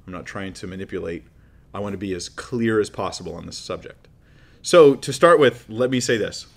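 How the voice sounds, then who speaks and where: A man giving an apologetics teaching talk as a Christian teacher, speaking animatedly, acting out dramatic scenes and putting rhetorical questions to his listeners. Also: medium pitch. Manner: asks the audience rhetorical questions.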